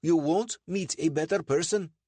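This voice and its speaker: A man voicing an excitable local helper in an adventure audiobook, speaking with urgent warnings. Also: fairly high pitch, normal speed, husky, no echo, pitched above the performer's own voice.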